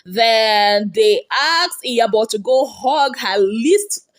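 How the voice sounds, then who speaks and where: A Nigerian woman chats through a gossip recap with a bright, high-pitched voice. She is animated and chatty, tossing in rhetorical questions as she goes. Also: drawn-out words. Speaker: entertainment gossip vlogger.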